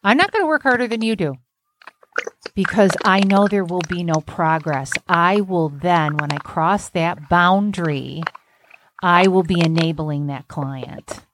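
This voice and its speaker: A woman's voice: on the low side, a little slow, background noise. A woman therapist hosting a podcast, talking bluntly and emphatically with salty language. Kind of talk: candid podcast conversation.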